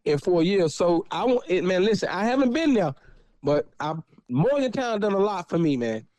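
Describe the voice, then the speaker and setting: A man's voice: high-pitched, big pitch swings, moderate pace, a little mellow, no echo. A man in his forties from South Florida, a guest reminiscing in a casual chat, slangy and often repeating himself.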